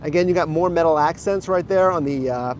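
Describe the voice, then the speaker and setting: Filming on a handheld phone, this rideshare driver and streamer enthusiastically tours his car for live viewers while chatting. He talks a little fast in a fairly high voice, with slight background noise.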